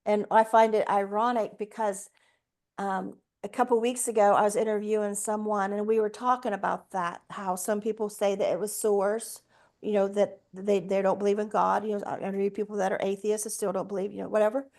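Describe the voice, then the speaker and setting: A woman's voice: medium pitch, little pitch movement, fairly quick, a little mellow. A woman in her sixties, speaking earnestly and emphatically as a guest at a group meeting, telling a personal story and acting out what people said. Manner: earnest and emphatic, acts out quoted speech. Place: meeting room.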